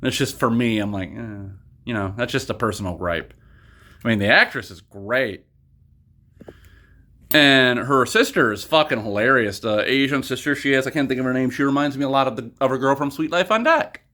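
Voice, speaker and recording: A man's voice: mid-range voice, normal speed, pushed and bright. A young man chats casually about a movie in a plain mid-range voice. He swears freely and keeps drifting off on tangents before finding his way back to the point. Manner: rambling, profane, goes off on tangents. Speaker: movie reviewer. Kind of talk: casual spoken review.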